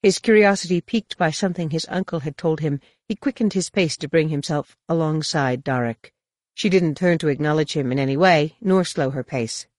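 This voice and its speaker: Audiobook narrator, woman, low voice, steady even read, dry close sound. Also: fairly quick, dry recording. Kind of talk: scripted narration.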